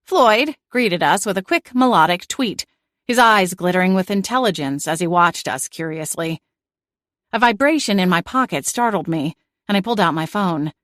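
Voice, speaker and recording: A woman's voice: lowish voice, animated, moderate pace, a bit bright, dry recording, studio quality. A woman narrating a cozy mystery audiobook in first person with wry storytelling.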